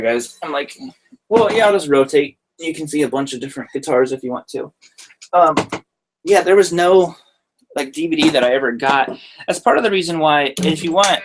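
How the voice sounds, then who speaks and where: A young man talks off the cuff to his viewers in a casual live-stream Q&A, sharing how he handles his guitars. His voice sits at an ordinary middle pitch. The talk rambles in a friendly way, full of "like" and "uh", with light laughs along the way. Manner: laid-back, chatty, loose with frequent "like" and "uh"; laughs lightly mid-sentence. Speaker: guitarist answering viewer questions.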